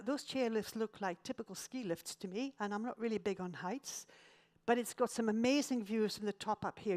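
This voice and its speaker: A woman from Scotland, giving an illustrated travel lecture with dry, self-mocking jokes. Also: medium pitch.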